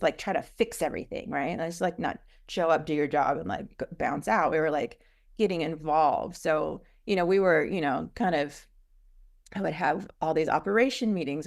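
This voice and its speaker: Woman guest, gravelly voice, a bit low, chatty w lots of likes and ums. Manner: chatty, frequent fillers, quick asides. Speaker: guest, business co-founder. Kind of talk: casual interview chat.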